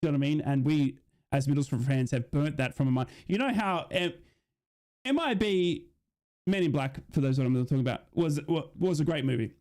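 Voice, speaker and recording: An Australian man streaming a football watch-along, chatting with viewers in a rambling, excitable way and often asking "you know what I mean?". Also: fairly high pitch, a little fast. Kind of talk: live commentary chat with viewers.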